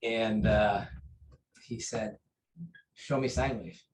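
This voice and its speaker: A man recounting memories of his teacher in an interview, earnest and halting, with many fillers and restarts. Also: lowish voice, fairly even intonation, a little hiss or hum, low-quality recording. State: briefly choked up. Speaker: interview guest, taekwondo master. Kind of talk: conversational storytelling.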